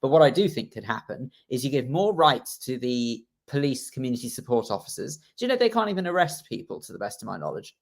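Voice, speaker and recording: A man holding forth on a radio talk show, emphatic and opinionated, his voice sitting at an ordinary middle pitch. He corrects himself mid-sentence and piles on his points, speaking into a studio mic. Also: big pitch swings, fast, few pauses. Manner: ranting, emphatic, self-correcting. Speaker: radio co-host.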